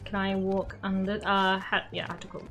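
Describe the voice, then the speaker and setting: A woman's voice: medium pitch, little pitch movement, brisk, fairly bright tone, soft background music. An Australian woman streaming a game live, exclaiming, laughing and swearing at her mistakes. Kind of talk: live gameplay commentary.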